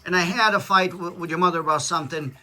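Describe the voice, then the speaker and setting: Bright-voiced man rambling to his kids. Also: high voice, fairly even intonation, fast talker. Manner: rambling, repeats "right?", restarts. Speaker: father explaining his song. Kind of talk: casual family chat.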